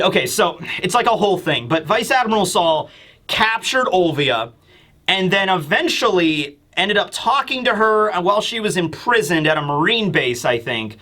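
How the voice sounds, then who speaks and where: A man's voice: sits high, pushed and bright. A man reviewing a comic chapter in casual chat, rambling and thinking aloud with many fillers. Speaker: anime and manga reviewer.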